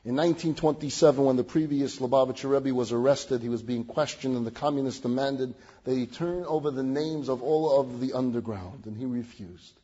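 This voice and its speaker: A man telling stories in a sermon, building dramatically to loud peaks and then dropping to a hushed, low delivery, in a slightly muffled recording. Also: brisk, hardly any pauses, husky. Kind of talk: sermon storytelling.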